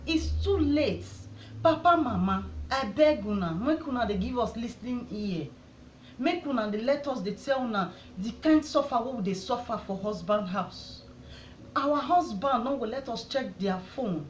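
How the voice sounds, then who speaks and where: A woman's voice: on the high side, animated, normal speed, slight background noise. Impassioned Nigerian woman in an echoey room. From Edo State, Nigeria. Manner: pleading, indignant, rhetorical questions. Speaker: vlogger. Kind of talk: impassioned address to camera. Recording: echoey room, dull sound.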